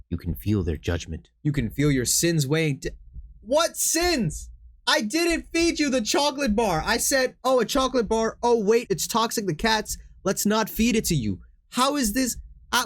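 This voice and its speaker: Animated man reading a game aloud. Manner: animated, jumps between low dramatic reading and high excited outbursts. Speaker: gaming streamer. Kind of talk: reading and reacting to a text horror game.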